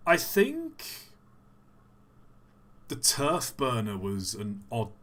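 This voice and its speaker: A man's voice: mid-range voice, huge pitch swings, very slow, a bit bright. Hesitant man thinking aloud on stream. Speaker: livestream host. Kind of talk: casual live-stream Q&A.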